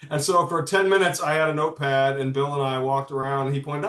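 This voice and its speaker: A comics publisher in his fifties, guesting on a casual podcast, tells stories in a rambling way with lots of restarts and the occasional curse. His voice is a little high and a bit bright, steady at a normal speed, and sounds reverberant.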